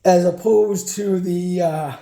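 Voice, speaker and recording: A man's voice: high-pitched, steady tone, slow pace, warm tone, roomy sound. A man casually telling a rambling childhood story while sorting through a card collection, breaking off for muttered asides.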